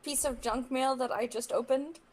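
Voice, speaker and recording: A woman joins a relaxed group chat with a wry, amused delivery. Her voice sits a little high as she riffs with the others. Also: normal speed, rough recording. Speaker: stream guest.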